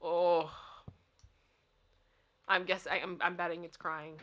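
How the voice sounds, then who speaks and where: Bright, giggly woman livestreamer. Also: on the low side, little pitch movement, takes it slowly, lo-fi sound. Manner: giggly and playful, often laughing; talks back to the chat. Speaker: livestream host. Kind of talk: casual livestream chat, reading funny signs.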